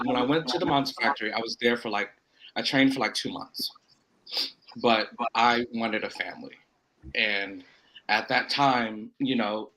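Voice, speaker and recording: Man, bright tone, medium pitch, wrestler on a podcast, chatty storytelling. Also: rough recording. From Florida. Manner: rambling storyteller, quick asides and quoted self-talk. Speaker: indie pro wrestler guest. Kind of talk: casual podcast chat.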